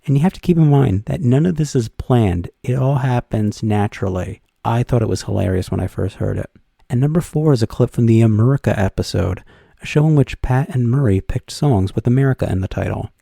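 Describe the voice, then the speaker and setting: A man's voice: medium pitch, gravelly, mellow, no room sound, studio quality. A man narrating a countdown of favorite podcast moments with enthusiastic fan commentary.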